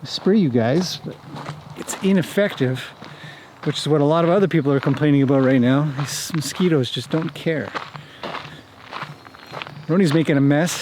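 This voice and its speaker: A man with a voice on the high side vlogs as he walks round a farm, chatting to the viewer and speaking fondly to the animals. This horse trainer talks at normal speed, pausing often, with a little mellowness. A little hiss or hum is audible.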